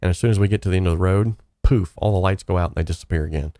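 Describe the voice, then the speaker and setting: A deep, mellow-voiced young man rambles through a casual live stream from his home studio, with lots of fillers and restarts. The sound is dry and close, with no room around it. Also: rapid-fire, dry recording. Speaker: host.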